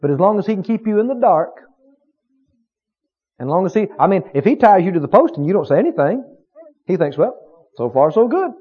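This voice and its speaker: Fervent high-pitched preacher man. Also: expressive, brisk, pauses often, breathy edge, narrow, tinny audio. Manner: fervent, rising to shouted repeated phrases. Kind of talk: sermon.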